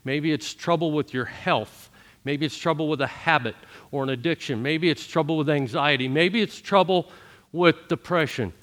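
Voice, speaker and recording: Middle-aged male pastor, sermon, earnest storyteller, a bit high-pitched. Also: moderate pace, fairly bright tone. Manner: earnest storytelling with shifting voice for quoted thoughts.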